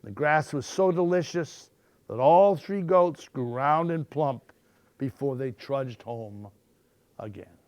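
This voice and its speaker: A man reading picture books aloud at storytime, with expressive, animated storytelling. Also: medium pitch, slow pace, no echo. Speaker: storytime reader.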